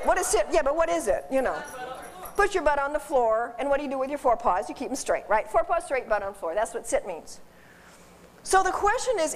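A woman instructor teaching dog behavior to a live class in an animated, joking way, quizzing the class as she goes. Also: sits high. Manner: animated, jokey, asks the class questions. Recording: roomy hall from a distance.

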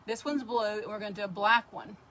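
A woman's voice: medium pitch, fast, fairly bright tone, a little hiss or hum. A woman hosting a casual crafting livestream, chatting and greeting viewers by name as she works.

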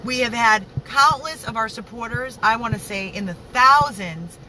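A woman's voice: a little high, moderate pace, bright, forceful tone, slight background noise, low-quality recording. A woman rescue activist talking angrily and emotionally, swearing as she vents in a live video. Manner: angry, upset, swearing.

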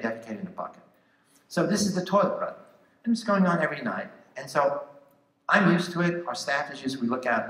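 An older man speaking to students as a guest speaker, telling a story in a lively way and acting out the voices he quotes. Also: mid-range voice. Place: large theatre hall. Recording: echoey hall sound.

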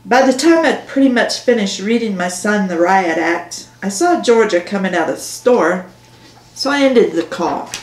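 A woman's voice: mid-range voice, animated, normal speed. A woman author reading her own novel aloud in first person, with dry storytelling. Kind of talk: audiobook narration. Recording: roomy echo.

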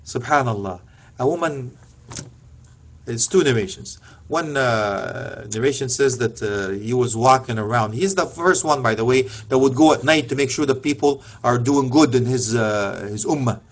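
A man's voice: medium pitch, moderate pace. A man giving an emotional Islamic lecture, retelling stories with passion and sprinkling in Arabic phrases. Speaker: preacher.

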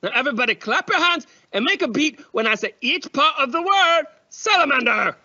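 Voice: high voice, expressive, brisk, bright, forceful tone. A teacher leading a children's phonics lesson, clapping out syllables in an exaggerated sing-song way. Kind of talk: cheerful children's lesson narration. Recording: dull lo-fi sound with faint noise.

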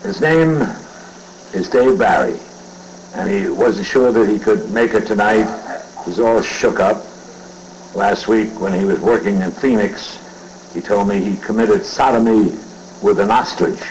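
A man's voice: on the low side, a little slow, a little mellow, lo-fi sound, a little hiss or hum. An older man emceeing a comedy roast, telling brash, profane jokes from a banquet dais. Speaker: roast master.

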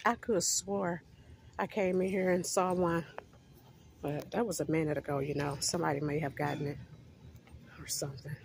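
A woman's voice: sits low, flat delivery, moderate pace, creaky, long pauses, a little mellow, slight background noise. A woman vlogging on a handheld phone, chatty and affectionate toward her viewers, out of breath from walking outdoors and then through a store. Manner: chatty, affectionate, addresses viewers as you guys. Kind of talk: casual vlog chat to viewers. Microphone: phone held in hand.

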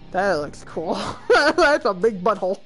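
A woman streaming a role-playing game and commenting on it, excitable and quick to laugh and exclaim. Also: on the high side, breathy edge. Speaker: let's play streamer. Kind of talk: gaming commentary.

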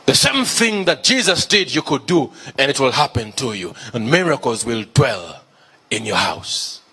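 A man's voice: mid-range voice, very animated, normal speed, bright, forceful tone, slightly rough. A male pastor preaching a sermon, emphatic, repeating key phrases and asking the congregation questions.

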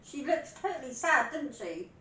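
A woman's voice: very animated, moderate pace, pushed and bright. A woman with a British accent co-hosting a paranormal livestream, friendly and playful with viewers. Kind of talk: casual livestream chat. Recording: roomy, distant, faint rumble.

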